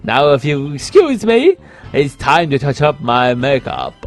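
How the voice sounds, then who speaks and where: A man's voice: mid-range voice, sing-song, measured pace, faint music behind. A man voicing a vain, flamboyant male dandy in a video game, speaking pompously and theatrically. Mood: haughty. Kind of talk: reading game dialogue aloud.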